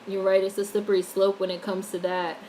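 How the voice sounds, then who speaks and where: An American woman holds forth on a casual livestream, blunt and opinionated, swearing as she answers her chat. Her voice sits at an ordinary middle pitch. A faint hiss runs under the recording. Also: flat delivery, a little fast, warm tone, low-quality recording. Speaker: YouTube commentator reading chat.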